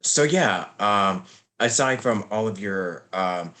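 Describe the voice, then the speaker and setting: A man's voice: fairly low pitch, animated, slow pace, bright, forceful tone. Young male host, rambling with fillers. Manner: rambling, many fillers, laughs often. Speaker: podcast host. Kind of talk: casual interview chat.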